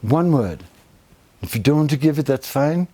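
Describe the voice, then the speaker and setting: An older man giving a spiritual talk to a retreat group, expressive and effusive, teasing his listeners fondly. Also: mid-range voice, moderate pace, husky, dry recording. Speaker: spiritual teacher.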